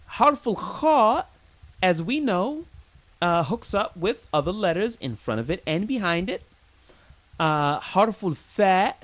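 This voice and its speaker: A man teaching an Arabic lesson, patiently drilling pronunciation with lots of repetition, chatty and informal with his learners. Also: high-pitched. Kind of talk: recorded language lesson.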